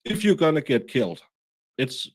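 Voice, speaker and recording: A man hosting a casual livestream chat, rambling and halting with many fillers as he reads comments. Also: a little high, sing-song. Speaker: livestream host.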